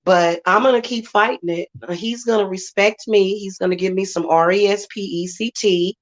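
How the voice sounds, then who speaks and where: A woman's voice: mid-range voice, fairly even intonation, normal speed, no room sound. Blunt laughing woman, dry dull sound. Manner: blunt, laughs often, talks back to chat. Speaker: livestream host. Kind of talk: casual livestream chat.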